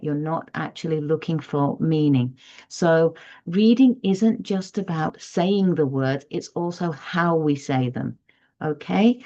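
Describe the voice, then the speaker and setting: A woman talks parents through reading skills at an unhurried, deliberate pace, her voice sitting a little low. The sound is dull and lo-fi. She explains patiently and now and then reads a sentence aloud to show the point. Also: warm tone. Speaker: teacher giving parenting advice. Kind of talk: instructional talk to parents. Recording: dull lo-fi audio.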